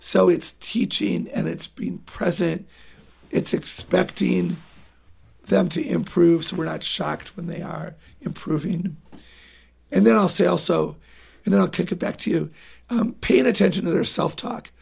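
A woman's voice: on the low side, a little slow, gravelly, a little mellow, breathy edge. A woman guest on a radio show, talking earnestly and emphatically about raising children, sometimes acting out what a parent and child would say. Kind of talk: radio interview talk.

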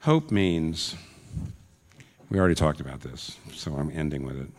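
A man with a very low voice preaches a sermon in an earnest, searching way. His voice rises into pressing questions. The sound carries a long hall reverb. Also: animated, moderate pace, darkish tone. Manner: earnest, rising to urgent questions. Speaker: pastor.

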